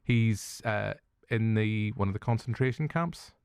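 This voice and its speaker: A man's voice: fairly low pitch, measured pace, darkish tone, clean tone, no room sound. Northern irish guy reviewing films, jokey, swears a lot, dry close mic. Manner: jokey, laughs often, swears casually. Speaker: podcast host, film reviewer. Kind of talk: casual chat.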